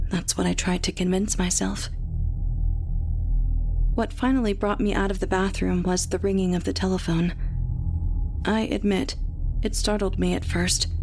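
A woman's voice: mid-range voice, a little mellow, slight background noise. Woman narrating a horror story. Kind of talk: scripted first-person horror narration.

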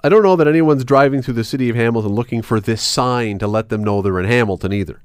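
A man's voice: mid-range voice, fast, clear, resonant tone, dry recording. A man hosting an evening radio talk show, chatty and playful, laughing often as he talks in the studio. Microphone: studio microphone.

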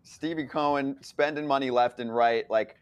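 A man's voice: mid-range voice, moderate pace, clear, resonant tone, dry recording. A male co-host asking questions in loose, chatty talk with mild swearing. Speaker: podcast co-host. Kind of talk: casual chat.

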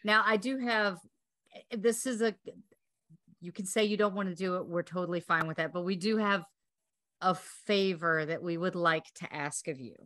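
A woman hosts a podcast in a bright, forceful voice, recorded close and dry. She is effusive and giggly in casual chat. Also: on the low side, normal speed, dry recording. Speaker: podcast host.

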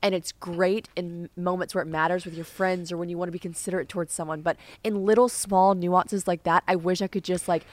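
A young woman hosting a podcast, telling stories in a lively way and acting out the voices of others. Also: on the low side, brisk, hardly any pauses, no echo. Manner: animated storytelling, acts out quoted voices. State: sinus infection. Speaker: podcast host. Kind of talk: casual podcast chat.

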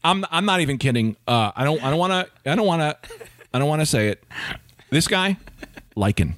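A man's voice: a little high, brisk, no room sound, studio quality. A man hosting a comedy podcast, telling an exaggerated story and acting out the voices in it. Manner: animated, acts out voices in his stories.

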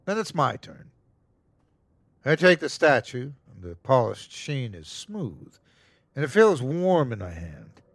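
This mid-pitched male host narrates a horror story in the first person, his pitch swinging widely. The recording is close and dry with no echo, and he keeps the telling slow and tense.

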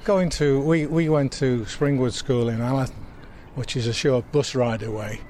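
A man's voice: mid-range voice, fairly even intonation, moderate pace, darkish tone, slight background noise. An older man with a mild Southwest Lancashire accent, reminiscing outdoors in an interview, stumbling and repeating words as he recalls. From England. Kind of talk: reminiscing in casual conversation. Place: outdoors by a church in a town.

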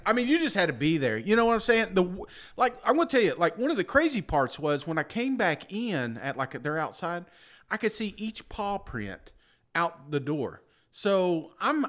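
High-pitched, slightly bright, and very animated, he talks at a normal speed. The tired co-host, up all night, rambles casually through a long self-deprecating story on the podcast, full of "you know what I'm saying."

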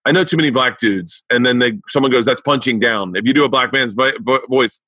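A man hosting a podcast talks in loose, profane chat with a bright, forceful tone. He often trips over restarts. The sound is dry and close. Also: medium pitch, a little fast, no room sound. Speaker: podcast host. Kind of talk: casual chat.

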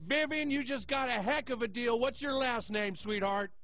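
A man playing a slick male TV shopping-channel salesman giving an exaggerated hard-sell pitch. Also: normal speed, fairly bright tone, soft background music.

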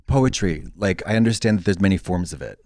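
Guy cohosting a podcast, rambly, lots of restarts, voice jumps all over, dry sound. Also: no echo. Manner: rambling, halting restarts, lively pitch swings. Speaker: podcast co-host. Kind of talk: casual chat.

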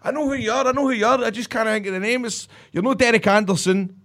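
Man, high pitched, excitable, swears, casual banter. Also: fast. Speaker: blindfolded guest guessing identity.

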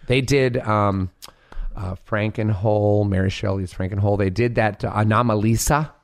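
A man's voice: fairly low pitch, steady tone, moderate pace. A man in his fifties, a comedian guest on a podcast, chatting casually in a rambling, giggly way. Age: 50s. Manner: giggly, rambling, jumps between topics.

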